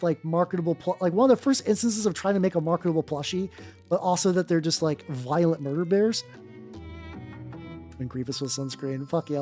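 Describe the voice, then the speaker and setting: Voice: medium pitch, darkish tone. A miniature-painting streamer chatting casually with viewers while working, rambling with many restarts, swearing offhandedly and greeting chat by name.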